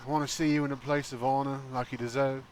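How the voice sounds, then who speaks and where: A man's voice: mid-range voice, flat delivery, fast, slight background noise, lightly acted. A man playing an earnest pleading pirate. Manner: pleading, heartfelt speech.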